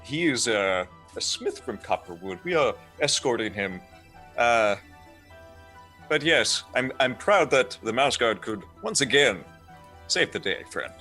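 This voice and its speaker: A man's voice: mid-range voice, big pitch swings, unhurried, sharp tone, soft background music. A man playing a proud, friendly guard mouse. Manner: hesitant, with many restarts. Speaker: player. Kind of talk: playing a character in a tabletop game.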